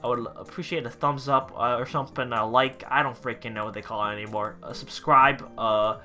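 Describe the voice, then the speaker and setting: Bright-voiced young man ranting. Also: medium pitch, fairly even intonation, brisk, soft background music. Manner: exasperated, rambling, swears casually. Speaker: vlogger, pizza delivery driver. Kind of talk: storytime rant.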